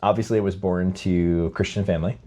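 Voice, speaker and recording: A man with a very low voice talks through his past in a relaxed podcast chat. He is reflective and unhurried. He comes from Scotland. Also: slight background noise. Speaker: podcast co-host and guest. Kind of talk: casual podcast conversation.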